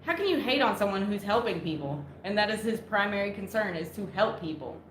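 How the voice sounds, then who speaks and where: A woman's voice: medium pitch, animated, fairly quick. A woman co-hosting a casual podcast, chatty and teasing. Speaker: co-host. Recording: echoey room with faint background noise.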